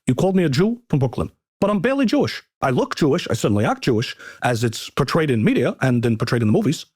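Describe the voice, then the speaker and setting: A man's voice: medium pitch, big pitch swings, fast talker, darkish tone, breathy edge. A male comedian as podcast guest, arguing emphatically in a heated conversation and repeating words as he starts sentences.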